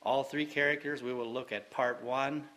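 A man preaching a sermon, slow and deliberate, repeating phrases for emphasis. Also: mid-range voice, fairly even intonation, fairly bright tone, a little hiss or hum.

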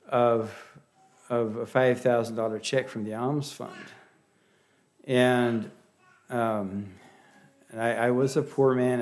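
A man with a Pennsylvania Dutch accent preaches a sermon in a folksy, halting way. He often restarts his phrases and slips in light humor. His voice sits at an ordinary middle pitch. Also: darkish tone. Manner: halting, with many restarts and fillers.

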